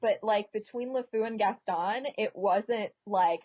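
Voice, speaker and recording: A woman's voice: mid-range voice, unhurried, dry recording, muffled recording. A woman, a podcast guest, chatting casually about a film in a talkative way, often saying "like". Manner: chatty, says "like" a lot and laughs often. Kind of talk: casual movie review chat.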